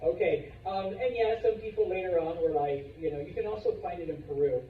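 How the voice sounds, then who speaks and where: A man's voice: high voice, brisk, slight background noise. A man teaching history in a casual, jokey way, acting out people's voices while he lectures to a classroom. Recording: roomy, distant, dull classroom recording.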